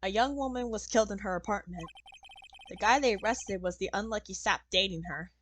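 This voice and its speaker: A woman's voice: mid-range voice, brisk, a little hiss or hum, natural voice. Phoenix Wright, read by a woman in her own voice. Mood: narrating. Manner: reads his lines in her normal voice, hesitant in court. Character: nervous young male defense attorney. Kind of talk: game dialogue read aloud.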